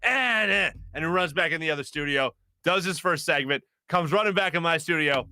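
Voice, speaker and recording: A man hosting a sports talk show in a studio, telling a story in a lively way and laughing as he acts out what people said. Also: on the high side, brisk, hardly any pauses, clean tone. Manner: animated, laughing as he acts out quotes. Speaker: host. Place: radio studio.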